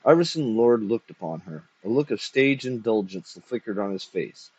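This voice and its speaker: A man reading a short horror story aloud in low, hushed narration. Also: lively intonation, normal speed, husky. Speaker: reader. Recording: dull lo-fi sound.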